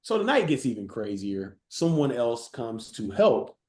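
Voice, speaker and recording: Animated man telling a story, echoey room. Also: medium pitch, unhurried. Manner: animated, acts out quotes, laughs often. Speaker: guest, college football player developer. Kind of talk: casual storytelling on a podcast.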